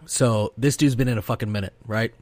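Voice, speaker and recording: A man co-hosting a podcast, telling stories in a casual, profane, animated way and acting out what other people said. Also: fairly low pitch, a little fast, dry recording. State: sleep-deprived. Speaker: podcast co-host. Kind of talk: casual storytelling chat.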